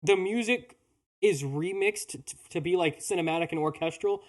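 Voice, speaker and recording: A podcast co-host in casual chat reviewing a movie at home, halting with frequent likes and restarts. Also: medium pitch.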